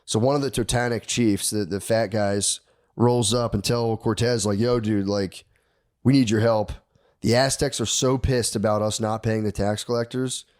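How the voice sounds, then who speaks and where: A man's voice: on the low side, fairly even intonation, moderate pace, darkish tone. A man on a podcast telling a history story in casual, profane slang, acting out the characters' lines.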